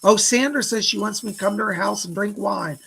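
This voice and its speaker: A man's voice: high-pitched, fairly quick, gravelly, pushed and bright, a little hiss or hum, poor audio. A man hosting a live stream as a psychic reader, chatting casually, reading out viewer comments and laughing often.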